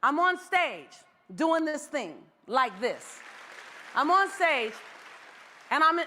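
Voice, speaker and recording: A woman in her forties giving an inspirational keynote as a motivational speaker, animated and leaning on repeated rallying phrases. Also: high-pitched, slow, some chatter behind, slight background noise. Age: 40s.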